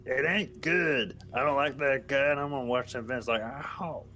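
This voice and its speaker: A man putting on a folksy, gruff rural male agent with a drawling manner. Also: medium pitch, moderate pace, music in the background, close to an everyday voice.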